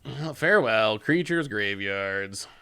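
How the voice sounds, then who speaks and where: A man's voice: on the low side, expressive, slow, sharp tone, clear, resonant tone. A man hosting a show, giving casual commentary on a card game as he plays, chatty and laughing often. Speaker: host.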